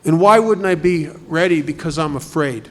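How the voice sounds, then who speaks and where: A man's voice: on the high side, moderate pace. A man speaking at a recovery group study, talking conversationally and asking many rhetorical questions. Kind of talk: recovery talk.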